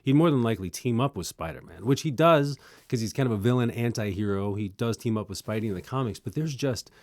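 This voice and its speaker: A young man hosting a casual movie review, sarcastic and animated, with quick joking asides. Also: medium pitch, no echo.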